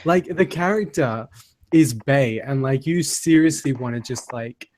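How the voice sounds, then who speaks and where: A woman's voice: extremely low pitch, a little slow, darkish tone, a little hiss or hum. A woman who acts in the cast, gushing and laughing about her character. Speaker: actor in cast. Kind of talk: casual group chat.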